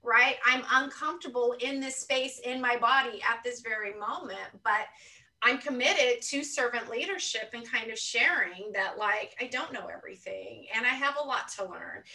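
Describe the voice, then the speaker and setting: A woman's voice: a little high, pushed and bright, recorded from a distance, rough recording. A woman guest on an interview podcast, speaking earnestly and thinking aloud, often checking in with "right?". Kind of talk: reflective conversational interview talk.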